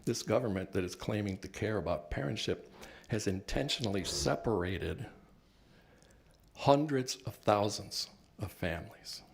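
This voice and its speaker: An older Cuban-born man speaking in a low, gravelly voice with plenty of vocal fry. He tells his story as an earnest, measured lecture, with an occasional dry touch of humor. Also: lively intonation. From Cuba. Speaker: professor giving a talk. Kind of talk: personal reflective lecture.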